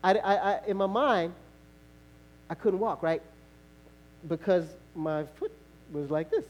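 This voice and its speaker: Animated male pastor telling a story. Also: sits high, unhurried, muffled recording, slight background noise. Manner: animated, acts out voices and laughs often. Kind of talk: sermon with storytelling.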